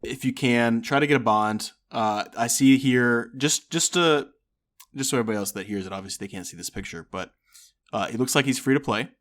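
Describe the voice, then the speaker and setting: A man co-hosting a podcast in casual chat, easygoing and a bit halting. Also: medium pitch, fairly bright tone. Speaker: podcast co-host.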